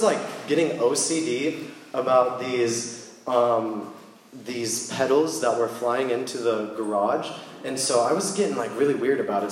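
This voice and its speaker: A man's voice: mid-range voice, a little hiss or hum. Man preaching a casual sermon in an echoey hall. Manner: casual, animated storytelling. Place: church.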